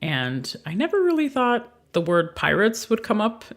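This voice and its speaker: A woman's voice: medium pitch, very animated, moderate pace. A woman panelist chatting casually on a tech podcast.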